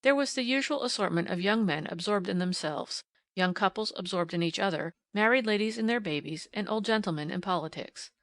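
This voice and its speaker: A woman's voice: mid-range voice, a little fast, no echo, clean studio sound. A woman reading a classic novel aloud in scripted first-person audiobook narration, with a wry storytelling manner.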